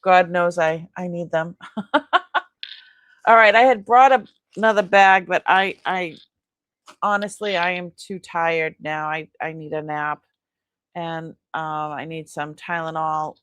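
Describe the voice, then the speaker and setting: Speaking slowly in a lowish, smooth, fairly bright voice with a steady tone, a woman hosts a live antiques sale streamed as a casual unboxing. Tired and yawning, she still chats, rambles about her items and laughs a lot. The recording is dry.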